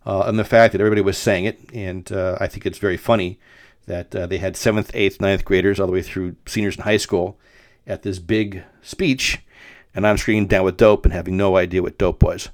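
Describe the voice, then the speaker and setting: Middle-aged guy rambling through an old memory on his podcast, low voice, dry sound. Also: steady tone, fairly quick, no echo. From Denver, Colorado. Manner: rambling, with frequent fillers and restarts. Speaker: podcast host. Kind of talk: casual storytelling monologue.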